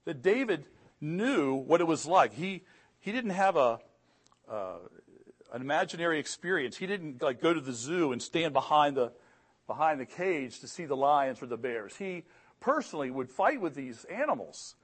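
A middle-aged man delivers a sermon, earnest and building emphasis on key phrases. His voice sits a bit higher than most men's. He often repeats and restarts words as he preaches. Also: sing-song, moderate pace, breathy edge. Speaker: pastor.

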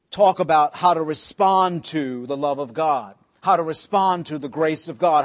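Pastor preaching, slightly high voice. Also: male voice. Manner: conversational preaching, joking asides, slowing for emphasis. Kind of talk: sermon.

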